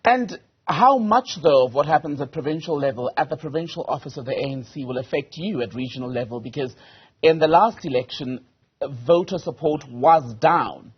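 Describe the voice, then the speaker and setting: A man's voice: fairly high pitch, expressive, moderate pace, slightly rough, highs cut off. A man, a news anchor putting direct, pointed questions to a guest in a live interview.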